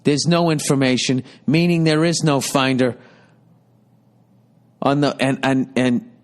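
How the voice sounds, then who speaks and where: A man's voice: mid-range voice, fairly even intonation. A man in his fifties hosting a podcast, telling a rambling comedic story with constant swearing and exasperated ranting. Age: 50s. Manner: profane, exasperated, rapid ranting. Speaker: podcast host. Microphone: podcast studio mic.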